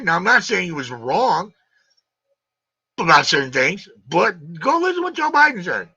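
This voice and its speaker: A man's voice: sits high, very animated, moderate pace, creaky, pushed and bright, slightly rough, dry recording. A man hosting a live stream, ranting combatively in a heated argument and hammering his points with repeated questions. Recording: dull lo-fi stream audio.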